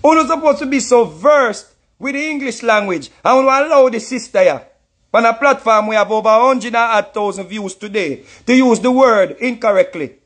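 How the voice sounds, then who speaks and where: A Jamaican man speaking in a strikingly high, husky voice. He talks through clips in an indignant, mocking, repetitive way, building his complaint point by point. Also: lively intonation, moderate pace, a bit bright. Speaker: reacting artist. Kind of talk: heated reaction commentary.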